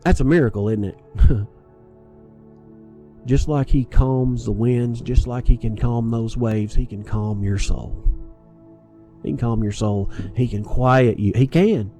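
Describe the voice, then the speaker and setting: A man's voice: mid-range voice, measured pace, pauses often, dark tone, faint music behind. A man preaching a sermon in a conversational, anecdotal way, chuckling and restarting as he talks.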